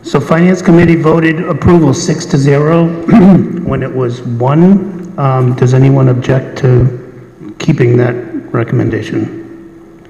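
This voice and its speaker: A man's voice: mid-range voice, takes it slowly, mellow, lo-fi sound. A man reporting a finance committee's recommendation at a town meeting, plain and matter-of-fact. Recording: echoey hall with long reverb.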